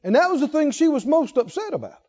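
A man preaching a sermon, telling a personal story that swings between hushed asides and emphatic points. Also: extremely high pitch, very animated, fast talker. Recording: dull lo-fi sound.

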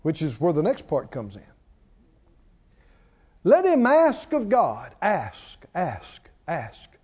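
His voice is high-pitched, mellow and husky, with wildly swooping pitch, and he takes his time. In a dull lo-fi church recording, he preaches call-and-response, repeatedly questioning the congregation.

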